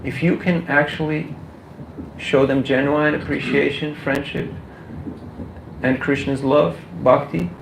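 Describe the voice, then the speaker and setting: A man giving a casual workshop talk on book distribution, animated and full of rhetorical questions, laughing now and then. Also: a little high, a little slow, gravelly, pauses often, echoey room, background noise.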